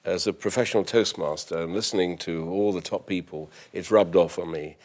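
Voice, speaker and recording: An older man with a London accent, polished by years of formal work, talks in a very deep, low voice. He answers courteously and precisely, with formal phrasing. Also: a little fast, darkish tone. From East End of London. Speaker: butler school head and toastmaster. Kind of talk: interview answers.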